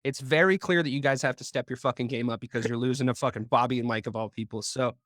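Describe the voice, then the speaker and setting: A young man hosting a sports podcast, talking in brash, profane, quick banter. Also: mid-range voice, fairly even intonation, a bit bright, dry recording, studio quality. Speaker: podcast host. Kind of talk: casual sports podcast chat. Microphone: podcast microphone.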